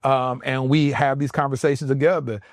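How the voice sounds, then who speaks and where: A man's voice: mid-range voice, fairly quick, no room sound, studio quality. A middle-aged man, a podcast guest telling a story in casual talk and acting out the voices he quotes. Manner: animated, acts out quoted voices.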